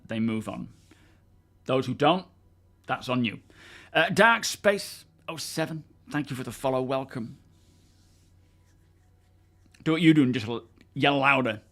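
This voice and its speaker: A man's voice: mid-range voice, fairly bright tone. A man from England hosting a casual live stream, chatting loosely and answering viewers by name. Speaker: livestream host.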